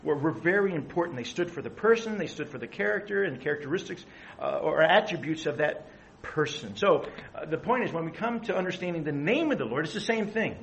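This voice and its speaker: A man's voice: fairly high pitch, expressive, a little fast, gravelly, highs cut off. Man, middle-aged, pastor, conversational sermon, questions to the audience, faint noise.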